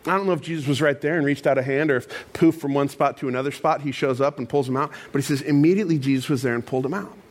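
A man preaching a sermon in a conversational, animated storytelling style with casual asides. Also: medium pitch, very fast, hardly any pauses. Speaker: pastor.

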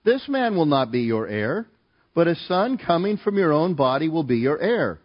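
Very animated and fairly high-pitched, this middle-aged preacher moves at a moderate pace through a sermon built on stories. He rambles conversationally, restarting and using fillers, and the recording sounds dull and lo-fi.

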